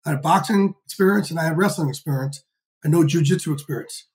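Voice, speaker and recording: A man in his fifties, a podcast guest telling lively, profane stories in a casual interview. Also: a little high, fast talker. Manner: energetic, profane, animated storyteller. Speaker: podcast guest, sports insider.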